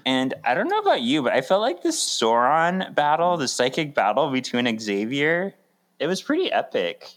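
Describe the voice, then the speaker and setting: A man's voice: mid-range voice, moderate pace. A man co-hosting a casual podcast, chatting and laughing often. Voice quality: laughs often, animated delivery. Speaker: podcast co-host.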